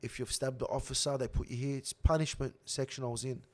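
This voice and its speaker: A man's voice: medium pitch, quick pace. Swearing Australian man telling a jail story. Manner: swears heavily, animated slang-filled storytelling. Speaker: guest telling a prison story. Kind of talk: casual storytelling.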